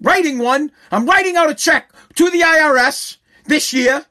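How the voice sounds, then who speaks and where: High, bright, yelling podcast ranter man. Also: normal speed. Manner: yelling, profane, aggressive; repetitive, emphatic phrasing. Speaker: podcast host. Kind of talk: angry podcast rant.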